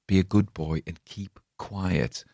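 A man's voice: deep voice, slow, creaky, dark tone, no echo, clean studio sound, full character voice. A man voicing an anxious, pleading mother in a read-aloud story. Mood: hushed. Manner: pleading, fearful.

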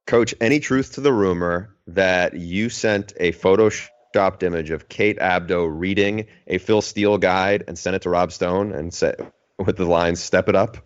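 A man with a very low voice hosts a podcast and asks his guest playful, teasing questions. The sound is dry and a little dull, as if lo-fi. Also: steady tone, unhurried, no echo. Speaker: podcast host. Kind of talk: casual chat, asking a guest questions.

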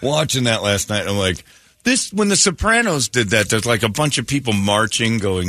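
Brash, lively morning radio host man. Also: mid-range voice, normal speed, no room sound, clean studio sound. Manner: brash, jokey, slips into mock tough-guy voices.

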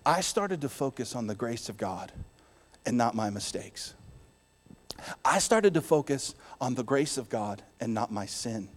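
A man preaching a sermon as pastor to his church, swinging between loud declarations and hushed, soft passages. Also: medium pitch, sing-song, normal speed, long pauses, long reverb tail.

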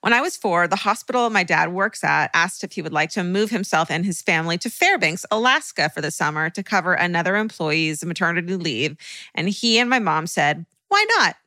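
A woman co-hosts a podcast in casual chat, animated and exclamatory. Her voice is bright and forceful and moves widely in pitch. The mic is close and dry. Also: fairly quick, dry recording. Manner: animated and exclamatory, reacts loudly. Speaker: podcast co-host. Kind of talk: casual chat, reading a listener letter aloud.

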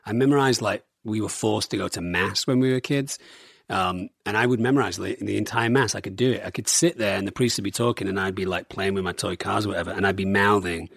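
A man telling stories in an animated, casual way, full of fillers, as a guest in a conversation. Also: fairly low pitch, fast, vocal fry, no room sound, clean studio sound. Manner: animated storyteller, lots of fillers like "like". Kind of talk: casual storytelling.

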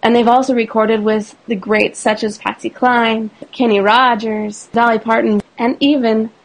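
Chatty woman with a creaky voice. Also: a little high, level tone, normal speed, rough recording. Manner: enthusiastic, chatty, explains with lists. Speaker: podcast co-host. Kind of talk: casual podcast chat.

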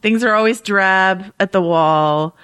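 A woman's voice: medium pitch, unhurried, a bit bright, clean tone. A woman hosting a podcast, chatting casually and upbeat as she runs the segments. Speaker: podcast co-host. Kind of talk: casual chat.

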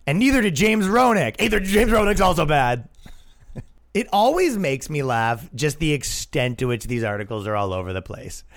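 A male comedian and podcast host with a fairly high-pitched voice riffs through a casual comedic monologue. He is animated and quick to slip into voices.

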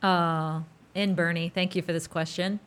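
A woman co-hosting a podcast in casual chat, animated and gushing with quick bursts of enthusiasm. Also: lowish voice, clear, resonant tone. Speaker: podcast co-host.

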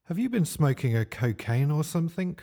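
A man voicing Johnny, a brash, clueless young male teacher who talks loudly and smugly. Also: medium pitch, lively intonation, normal speed, pitched above the performer's own voice, close to an everyday voice. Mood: indignant. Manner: loud, smug and blurting.

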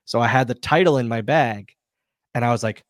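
A man's voice: mid-range voice, fairly quick, no echo. Man telling a story in a dry studio. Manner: relaxed, animated retelling with quoted dialogue. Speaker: guest, former wrestler. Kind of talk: casual storytelling.

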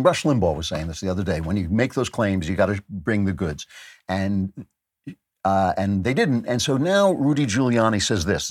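A man's voice: on the low side, husky, no room sound. A male podcast host giving emphatic, sardonic political commentary, repeating phrases for stress.

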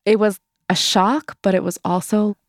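Young woman w/ a gravelly low voice, candid, says like a lot, dry recording. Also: fairly even intonation, moderate pace, dry recording. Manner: candid, frequent "like" fillers. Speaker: interview guest. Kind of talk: personal storytelling interview.

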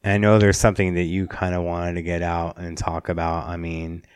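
Deep-voiced man hosting a casual interview. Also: monotone, moderate pace, smooth, no room sound. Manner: conversational, chuckling, prompting questions. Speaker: podcast host, interviewer.

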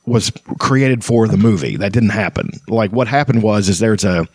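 A man hosting a casual chat about fantasy books rambles with lots of fillers and restarts and reads passages aloud. His voice is fairly low and a little mellow with a breathy edge, lively intonation, normal speed, and no echo.

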